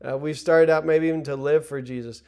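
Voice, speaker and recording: A man's voice: fairly high pitch, fairly even intonation, brisk, darkish tone. A middle-aged man preaching a sermon in an earnest, conversational way, retelling the text and stumbling over restarts now and then.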